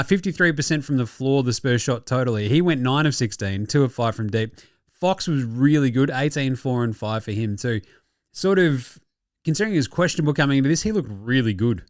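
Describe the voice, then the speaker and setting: A young Australian man hosting a podcast, excitable and slangy, swearing freely in casual sports chat. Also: medium pitch, dry recording, studio quality. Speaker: podcast host.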